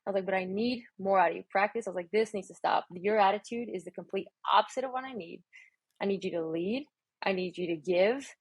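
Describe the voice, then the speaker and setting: A woman's voice: mid-range voice, brisk, slightly rough, no echo. A woman strength coach telling a story in a casual podcast chat, acting out her own dialogue with energy. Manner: animated, acts out her own quoted dialogue. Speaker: strength and conditioning coach, guest.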